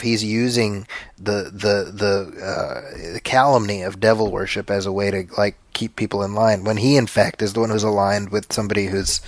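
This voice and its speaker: A man's voice: lowish voice, dry recording. A man co-hosting a podcast film commentary in a casual, joking way, often stumbling over repeated words as he thinks aloud. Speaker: podcast co-host.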